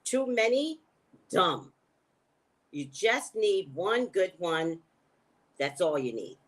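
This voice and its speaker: Animated woman chatting on a livestream. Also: on the low side, slow pace. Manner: animated, chatty, talks back to viewer comments. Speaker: livestream host and psychic reader. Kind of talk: casual livestream chat with viewers.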